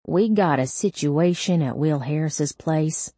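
Audiobook story. A woman reads a businesslike female officer, brisk and hushed, in a slow, low voice with a dry sound. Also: husky, no echo. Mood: urgent.

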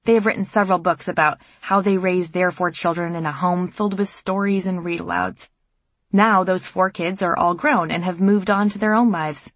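A woman reads her audiobook with a slightly husky, breathy tone in a measured, reflective way. The recording is close and dry, with no room sound around the voice. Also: on the low side, fairly even intonation, no echo. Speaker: audiobook narrator and mother. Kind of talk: scripted audiobook narration.

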